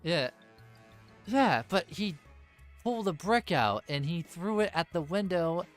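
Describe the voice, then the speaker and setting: A man's voice: high voice, expressive, measured pace, soft background music. A man narrating as game master of a tabletop game, rambling with many fillers.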